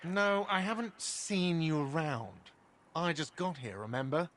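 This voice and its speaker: A man's voice: fairly high pitch, measured pace, fairly bright tone, slight background noise. A man voicing an irritable, defensive cafeteria manager in a video game, sarcastic and easily offended.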